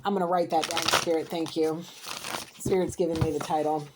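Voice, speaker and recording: A woman's voice: sits low, steady tone, a little fast, background noise. A woman giving a heated spiritual card reading, scolding emphatically and repeating herself as she rants. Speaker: intuitive card reader.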